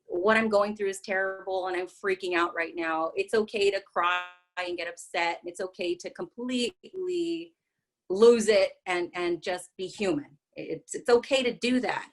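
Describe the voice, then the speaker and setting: A woman psychotherapist giving a talk, earnest and reassuring, with frequent fillers and restarts. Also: mid-range voice. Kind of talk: talk to an online group.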